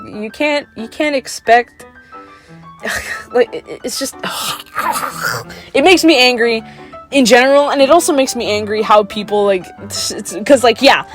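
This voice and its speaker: A young woman giving an unscripted, exasperated rant about a cartoon episode, rambling with many fillers and restarts and laughing at herself. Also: fairly high pitch. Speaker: video creator.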